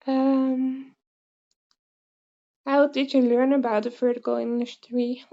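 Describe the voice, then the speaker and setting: A woman interviewer asking short, soft-spoken questions. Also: sits high, level tone, slow pace. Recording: dull lo-fi sound.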